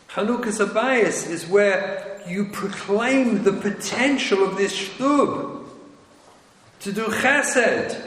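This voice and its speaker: A man's voice: high voice, a bit bright. A man, a rabbi, lecturing parents in an emphatic, wry, teasing way. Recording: echoey hall with faint noise.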